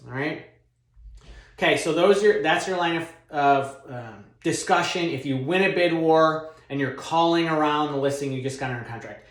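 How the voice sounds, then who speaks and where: Upbeat, energetic man coaching in an echoey room. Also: fairly high pitch, moderate pace. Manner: energetic, confident, casual with many fillers. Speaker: real estate broker teaching cold calling. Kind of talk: instructional talk with acted phone scripts.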